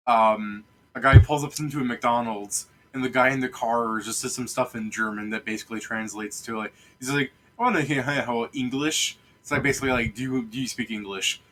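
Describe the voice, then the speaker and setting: A man's voice: medium pitch, a bit bright, slight background noise, low-quality recording. A man chatting casually with friends during a tabletop game, telling a rambling story and swearing freely. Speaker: player and streamer.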